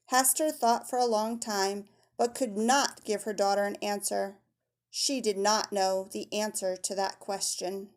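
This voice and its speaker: A woman's voice: medium pitch, steady tone, a little slow. A woman teacher reading a novel aloud to her class, telling it expressively and adding chatty asides.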